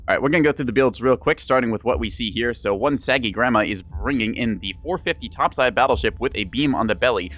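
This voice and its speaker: A man's voice: mid-range voice, fast, few pauses, a bit bright. A young adult man giving casual live-stream commentary on a game, chatty and rambling, with frequent laughs and teasing asides.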